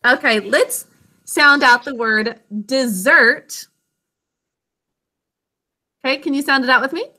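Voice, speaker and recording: A woman teaching young children a phonics lesson, patient and encouraging as she sounds out words slowly. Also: sits high, pushed and bright.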